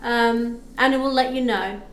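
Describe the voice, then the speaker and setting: A woman's voice: on the high side, steady tone, a little slow, slight background noise. A woman giving a live tarot reading on stream, chatting with viewers and thanking them as she explains the cards. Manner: chatty, reads chat aloud, thanks viewers. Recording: echoey room with faint music.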